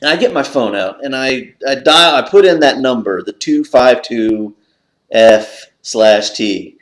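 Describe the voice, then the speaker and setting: Animated man telling a story, echoey room. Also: measured pace. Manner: excitable, jumps up high when retelling his own panic. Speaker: pipe collector vlogger.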